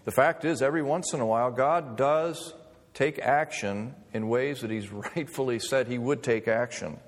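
A man's voice: mid-range voice, moderate pace. A man preaching a sermon in a conversational way, mixing humor with scripture. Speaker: pastor. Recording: long reverb of a hall.

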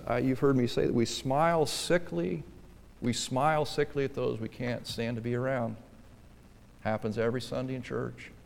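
A man's voice: fairly high pitch, gravelly, long reverb tail. A man preaching a sermon, rising to strong emphasis and acting out churchgoers' lines. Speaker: pastor.

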